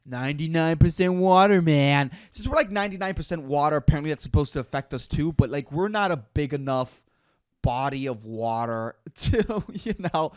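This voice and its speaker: Profane, animated man ranting. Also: on the high side, no echo, clean studio sound. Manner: profane, exasperated, rambling. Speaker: podcast host. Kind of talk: solo rant.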